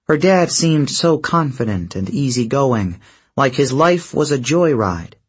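A man narrates a novel in a steady, measured way. His voice sits at a middle pitch and has a husky grain. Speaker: audiobook narrator. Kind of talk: scripted narration.

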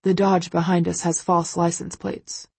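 A woman voicing a controlling young husband who stays quiet and measured while tense underneath. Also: on the low side, flat delivery, vocal fry, slightly rough, no echo, exaggerated voice. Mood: calm, guarded.

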